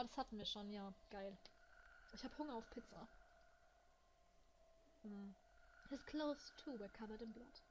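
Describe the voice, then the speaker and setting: A woman's voice: a little high, slight background noise, poor audio. A young German woman with a German accent, reading a visual novel aloud and reacting emotionally in between. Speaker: gaming let's player.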